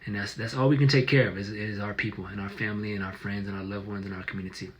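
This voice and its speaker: Easygoing soft-spoken man teaching. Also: fairly low pitch, fairly even intonation, fast talker, crowd noise, low-quality recording. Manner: easygoing and affectionate, says y'all, hesitant restarts. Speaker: qigong teacher. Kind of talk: casual livestream teaching.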